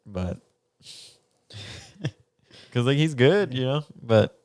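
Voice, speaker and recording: A man's voice: medium pitch, very animated, extremely slow, darkish tone, dry recording, clean studio sound. A young man, co-hosting a podcast and telling a story in casual chat, laughing often and swearing casually. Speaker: podcast co-host.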